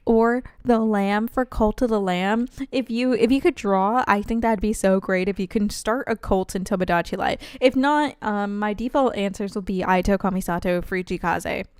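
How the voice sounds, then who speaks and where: A woman's voice: medium pitch, clear, resonant tone, no echo, studio quality. Giggly, rambling young woman streamer. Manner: rambling, giggly, lots of fillers and restarts. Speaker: cozy gaming streamer. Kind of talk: casual stream chat.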